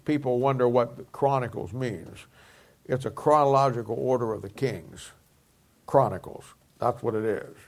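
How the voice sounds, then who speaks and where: A middle-aged man preaching a Bible teaching sermon, emphatic and repeating key phrases, dropping quieter at times. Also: mid-range voice.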